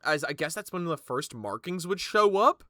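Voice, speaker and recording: A man's voice: a little high, sing-song, moderate pace, bright, forceful tone, dry recording, clean studio sound. A man narrating a tabletop game as game master, loose and profane, with frequent laughs.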